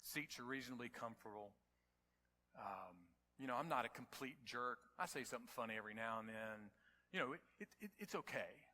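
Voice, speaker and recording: A man preaching a sermon to his congregation, telling stories and building to near-shouts at the climaxes. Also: mid-range voice, expressive, fairly quick, big-room sound. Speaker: pastor. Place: church sanctuary.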